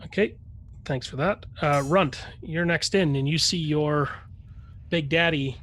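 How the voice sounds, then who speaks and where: A man's voice: fairly high pitch, a little slow, fairly bright tone. A man running a tabletop game as game master, narrating with many fillers and restarts.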